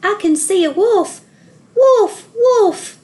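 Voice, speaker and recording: A woman voicing a young shepherd boy in a children's storybook read-aloud, crying out for help in high, loud calls. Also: animated, slow, heavily acted. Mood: shouting alarm. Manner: loud high shouting of alarm. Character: young shepherd boy, mischievous then frightened.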